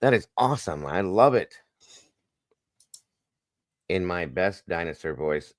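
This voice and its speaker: A man's voice: sits low, animated, slow, dry recording, clean studio sound. A man hosting a casual live stream, greeting viewers by name and plugging their channels in a jokey, upbeat way. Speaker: livestream host.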